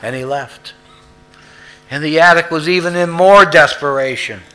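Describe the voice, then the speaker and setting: Bright-voiced man telling a story. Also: a little high, moderate pace, faint music behind. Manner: emphatic, rising to loud peaks. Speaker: speaker at a recovery meeting. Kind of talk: personal storytelling share.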